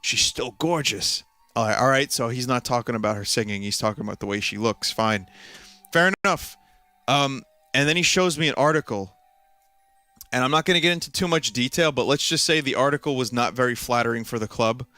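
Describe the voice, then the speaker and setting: A man's voice: medium pitch, fairly quick, sharp tone, dry recording, soft background music. A man streamer telling a story in a casual, rambling way, full of restarts and side remarks. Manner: rambling with frequent restarts and asides.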